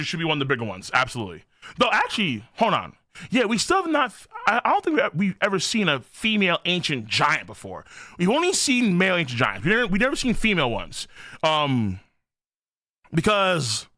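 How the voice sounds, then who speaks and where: Animated, bright-voiced male streamer. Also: on the high side, no room sound, clean studio sound. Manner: excitable, profane, thinks aloud. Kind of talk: live reaction commentary.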